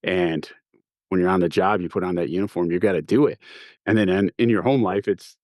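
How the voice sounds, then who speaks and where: Man, very deep voice, police officer, earnest explaining, dry close sound. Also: a little fast, darkish tone, no room sound. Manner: earnest, explains with repeated "you gotta". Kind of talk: casual podcast chat.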